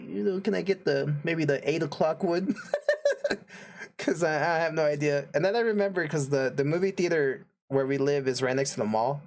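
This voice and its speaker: A young man tells a story in a loose, casual podcast chat. He rambles, fills gaps with "like" and "um", and keeps breaking into laughter. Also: on the high side. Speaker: podcast co-host.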